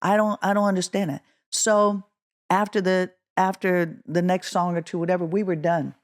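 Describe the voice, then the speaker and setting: A middle-aged woman from Oakland, California, a guest musician telling a story in an interview, acting out the quotes with a rising voice. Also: normal speed. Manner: animated, acts out quotes with rising pitch.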